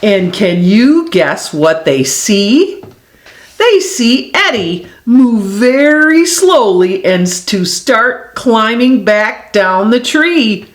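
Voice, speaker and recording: Slow, sing-song woman reading to children. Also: on the high side, very animated. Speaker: storyteller.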